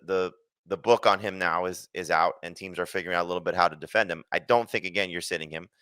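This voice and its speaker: Male analyst, deep, quick delivery, sharp and bright, dry close studio sound. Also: clear, resonant tone, no echo. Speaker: fantasy football analyst. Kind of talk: casual podcast discussion.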